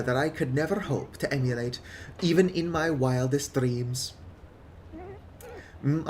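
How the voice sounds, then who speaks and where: A man voicing a hairy old male hermit builder as he reads game dialogue aloud, with soft "mm" and "uh" fillers. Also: mid-range voice, slight background noise, lightly acted. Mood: guiding. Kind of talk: reading game text aloud.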